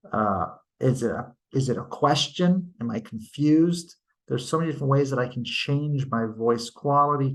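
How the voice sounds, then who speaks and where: Slow, patient male teacher. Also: mid-range voice, vocal fry. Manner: slow, deliberate, explains patiently with tag questions; demonstrates intonation by acting out sentences. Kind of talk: recorded lecture.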